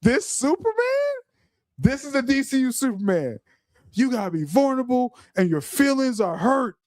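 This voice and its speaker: Animated high-voiced man laughing through commentary. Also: normal speed, no room sound, studio quality. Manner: laughs often, animated and mocking. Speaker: podcast host. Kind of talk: reaction commentary on a clip.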